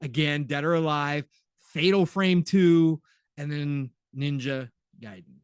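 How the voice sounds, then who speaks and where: An enthusiastic man co-hosts a casual gaming podcast, and his voice sits a touch higher than most men's. The sound is dry and close, with no room around him. He chimes in with quick agreement and talks over his partner. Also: clean tone, dry recording. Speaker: podcast co-host.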